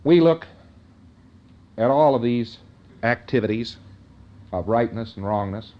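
A man's voice: medium pitch, lively intonation, unhurried, muffled recording. A man giving an informal lecture in a conversational way, often checking in with his listeners.

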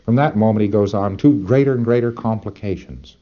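Male lecturer, low and dark, folksy and emphatic with rhetorical asides, muffled old tape sound. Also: fairly quick. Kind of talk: lecture to trainees.

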